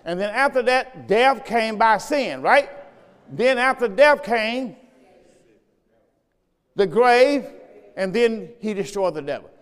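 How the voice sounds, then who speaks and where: A male pastor with a high, bright voice, preaching a sermon. He drives home each point by repeating it and pulling the congregation into call and response. His voice carries a long reverb from a church sanctuary. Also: expressive, slow pace, pauses often, clear, resonant tone.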